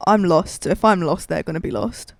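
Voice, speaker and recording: A woman's voice: fairly low pitch, unhurried, creaky, no room sound. A woman co-hosting a podcast, teasing her co-host, swearing and laughing often. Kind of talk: casual teasing banter.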